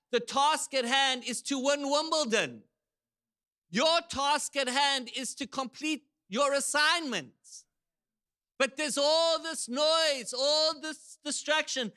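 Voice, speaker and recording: A male pastor preaching a sermon, telling a story with animated delivery and shouting out quoted lines. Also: very high-pitched. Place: church.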